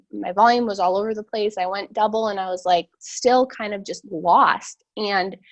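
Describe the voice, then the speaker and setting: A young woman giving a blunt, animated motivational talk to her sales team over a video call, rambling with lots of fillers. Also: medium pitch.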